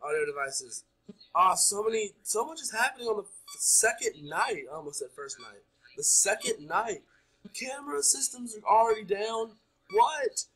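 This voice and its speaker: A man's voice: high-pitched, sing-song, normal speed, bright, forceful tone, slightly rough, low-quality recording. A man playing a horror game, chattering nonstop and jumpy as he talks his audience through it. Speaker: gaming YouTuber. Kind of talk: horror game let's play commentary.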